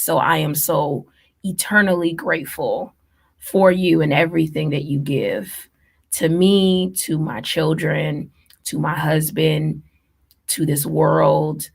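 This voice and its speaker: A woman in her thirties speaks slowly and earnestly to her live-stream viewers, stringing her thanks together in long lists with frequent ums. Her low voice has a gravelly, creaky texture. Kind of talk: heartfelt live-stream address.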